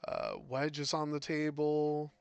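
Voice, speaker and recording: A tired man commentating a tabletop game on his stream, talking in a relaxed, rambling way with frequent fillers. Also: on the high side, a little slow, vocal fry, smooth, dry recording, highs cut off.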